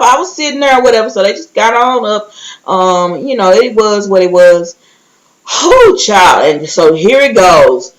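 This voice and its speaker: Chatty woman recapping, lively asides. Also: mid-range voice, rough recording. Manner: chatty, animated storytelling with asides; quick acted-out quotes of others. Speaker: recap vlogger. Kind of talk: casual reality-TV recap.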